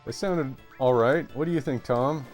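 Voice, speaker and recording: A man chatting casually while live-streaming a retro game, relaxed and hesitant. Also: medium pitch, normal speed, soft background music.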